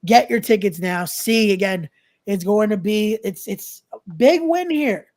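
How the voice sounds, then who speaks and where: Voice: medium pitch, animated, measured pace, a little mellow. A podcast host from New York interviews a guest in a loose, rambling way. The host keeps circling back to promote an upcoming show and laughs often.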